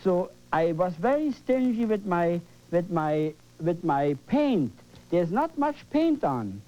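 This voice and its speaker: Slow, dark-voiced painting teacher, lo-fi. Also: male voice, high voice, big pitch swings. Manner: fervent, repetitive, coaxing. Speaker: painting instructor. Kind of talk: live painting demonstration. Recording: dull lo-fi broadcast recording.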